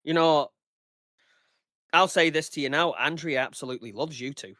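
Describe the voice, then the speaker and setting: A man in his thirties rants heatedly and swears freely in a casual podcast chat. His voice sits a little high and sounds bright and forceful. The recording is dry, with no room sound around him. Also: moderate pace, no room sound. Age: 30s. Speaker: podcast guest.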